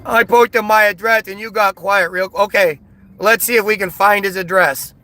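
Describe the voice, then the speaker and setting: A man's voice: high voice, fairly even intonation, moderate pace, bright, forceful tone, soft background music, poor audio. A man livestreaming a heated, agitated rant, scornful and repetitive as he answers his chat. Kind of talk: heated live-stream rant.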